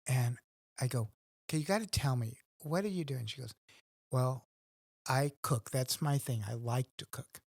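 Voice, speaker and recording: A man's voice: mid-range voice, normal speed, creaky, dry recording, clean studio sound. A middle-aged man, a guest in a casual conversation, telling earnest stories and acting out his own thoughts.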